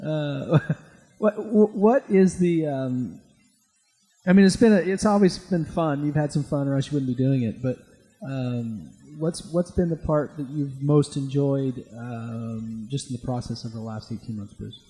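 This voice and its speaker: A man's voice: medium pitch, a little slow, warm tone. A man hosting a stage interview, chatty and affirming, laughing along with his guests. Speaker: interview host. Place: event stage in a hall. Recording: long reverb of a hall.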